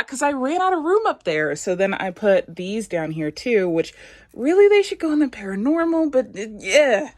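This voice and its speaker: A young adult woman vlogging casually about her bookshelf, rambling and chatty with frequent fillers, talking in a room at home. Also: medium pitch. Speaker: book vlogger. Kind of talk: casual chat.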